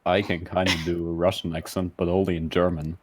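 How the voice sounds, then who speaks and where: A man chatting on a gaming stream in a flat, matter-of-fact way. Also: low voice, fairly quick, noisy background. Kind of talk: casual chat on a gaming stream.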